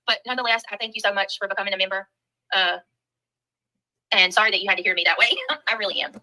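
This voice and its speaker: A woman's voice: mid-range voice, fairly even intonation, quick pace, bright, forceful tone, rough recording. A woman with a Southern US accent hosting a livestream, chatting casually and greeting viewers by name as she reads their comments. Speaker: livestream host.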